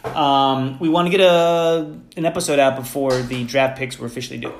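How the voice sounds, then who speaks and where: A man's voice: medium pitch, steady tone, moderate pace, slight background noise. A man co-hosting a casual podcast who works as a teacher assistant, talking in a laid-back way and laughing easily. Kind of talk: casual chat. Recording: roomy echo.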